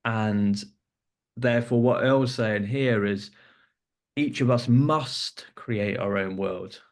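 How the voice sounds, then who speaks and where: A man's voice: lowish voice, slow pace. A man hosting a podcast, explaining his points earnestly and building them up with examples. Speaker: podcast host. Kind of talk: podcast discussion.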